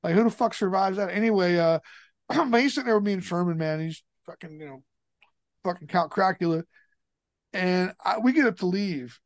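A man's voice: sits high, normal speed, no room sound, studio quality. A man telling a long story as a podcast guest, swearing constantly and rambling emphatically. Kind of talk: casual storytelling.

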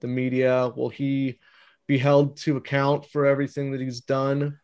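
A man's voice: mid-range voice, completely flat delivery, moderate pace, darkish tone, muffled recording. A man hosting a casual podcast, asking rambling, opinionated questions. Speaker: podcast host. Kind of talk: casual interview.

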